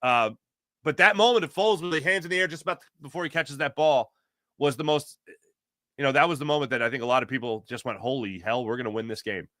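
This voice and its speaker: A man, a guest telling excited stories in casual chat. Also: on the high side, fast talker, no room sound, studio quality. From Philadelphia. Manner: excited storytelling, animated.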